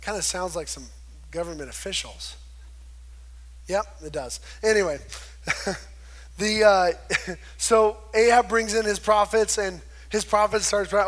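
High-voiced man preaching a sermon. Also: a little slow, long pauses, fairly bright tone. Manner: conversational preaching with restarts, acts out quoted voices. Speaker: pastor.

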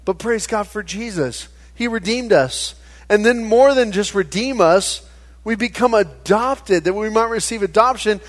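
Animated, higher-pitched male pastor preaching. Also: measured pace. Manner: conversational, animated preaching with stammered restarts. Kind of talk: sermon.

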